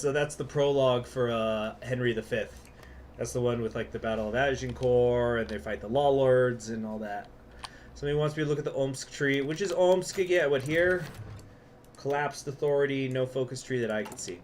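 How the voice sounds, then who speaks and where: Man, mid pitch, casual game streamer muttering plans aloud. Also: fairly quick, a little hiss or hum. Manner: talks to himself, muttering plans, occasional swearing. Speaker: host. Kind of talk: casual gaming livestream commentary.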